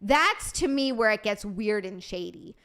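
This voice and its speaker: Tired, chatty woman streamer with a bright voice. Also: mid-range voice, animated, unhurried. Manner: chatty and scattered, swears freely. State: tired from lack of sleep. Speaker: streamer and podcast host. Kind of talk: casual livestream chat, answering viewer donations.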